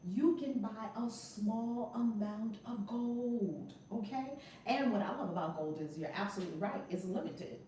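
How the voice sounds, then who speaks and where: A woman hosting a live-streamed class, energetic and encouraging, greeting viewers and repeating key points. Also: mid-range voice, unhurried, few pauses. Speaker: teacher and host. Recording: echoey room, distant mic, faint noise.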